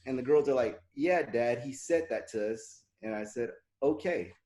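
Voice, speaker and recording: A man's voice: mid-range voice, normal speed. A man in his forties, a podcast co-host telling a story in casual chat, laughing often and acting out what people said. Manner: animated, laughing, acts out quoted dialogue. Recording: echoey room.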